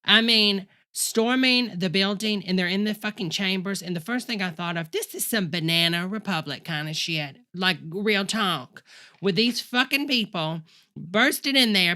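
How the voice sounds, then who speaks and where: A woman's voice: medium pitch, bright, forceful tone. A woman playing a sassy, foul-mouthed church-leader character who rants in a rambling way and calls her viewers honey, in a comedic livestream. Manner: profane, rambling ranting, calls listeners honey.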